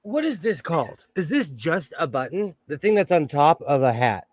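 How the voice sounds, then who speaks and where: A man hosts a sewing livestream from his home sewing room, talking in a loose, rambling way and often breaking into laughter. His voice sits a little on the high side, and the sound is close and dry with hardly any room echo. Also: sing-song, normal speed. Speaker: livestream host. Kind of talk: casual livestream chat while sewing.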